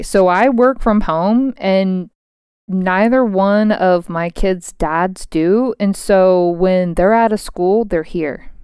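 A woman's voice: mid-range voice, warm tone, smooth, dry recording, clean studio sound. A woman in her thirties talking frankly at her home desk, venting in a casual solo monologue and swearing freely.

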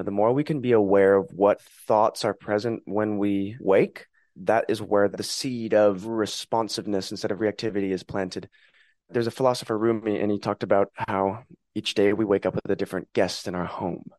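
A man speaking calmly and earnestly in a reflective conversation, sometimes acting out inner voices. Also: on the low side, no room sound, clean studio sound. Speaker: podcast guest.

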